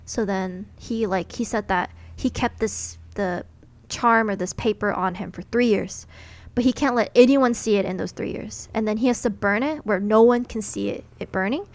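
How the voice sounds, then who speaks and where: A young woman tells a ghost story on a podcast, talking casually and loosely, with plenty of fillers. Her voice sits at an ordinary middle pitch. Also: normal speed, hardly any pauses. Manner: chatty retelling full of "like" and "you know". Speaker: podcast co-host.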